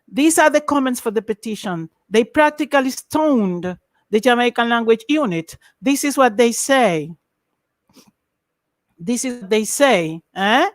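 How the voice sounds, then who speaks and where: A woman lecturing in an online academic webinar, lively and emphatic, over a video call. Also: fairly high pitch, measured pace, no room sound.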